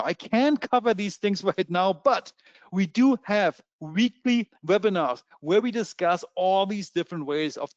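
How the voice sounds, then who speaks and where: A man with a German accent giving a fast, eager sales pitch in a trading webinar, with many fillers. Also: dry recording, highs cut off. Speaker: webinar presenter.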